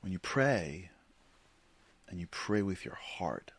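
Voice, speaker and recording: In a low, husky voice, a middle-aged man preaches as a Jewish teacher, taking his time. He tells a story with animation, performing each character's voice.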